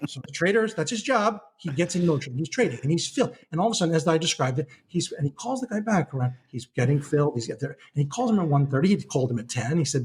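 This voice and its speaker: A middle-aged man who is a guest market analyst on a casual podcast interview. He explains things as an animated storyteller and acts out trading-desk dialogue. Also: on the high side, fast, hardly any pauses, slight background noise.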